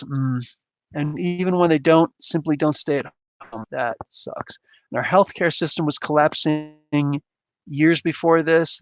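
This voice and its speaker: A man hosts a livestream in a casual, rambling way, chuckling as he reads out and answers chat comments. His voice sits a little high with a gravelly edge. The sound is close and dry. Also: a bit bright, no room sound. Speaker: livestream host reading chat.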